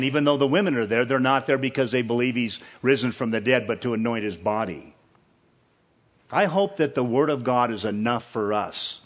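A pastor preaches a sermon in a church fitted with screens, his mid-range voice slightly bright. He speaks earnestly and repeats words for emphasis.

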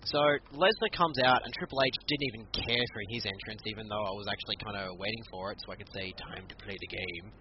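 A man co-hosting a casual podcast, recapping a wrestling match in an animated way and acting out what people said. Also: lowish voice, quick pace, few pauses. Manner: animated, laughing, acts out quotes. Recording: muffled lo-fi recording with clear background noise.

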